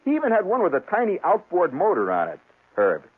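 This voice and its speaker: A man telling a rambling, humorous fishing story on the radio, jumping up and down in pitch as he gets worked up. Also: fast talker, breathy edge. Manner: rambling, animated, restarts, chuckles. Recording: tinny, phone-like old radio sound.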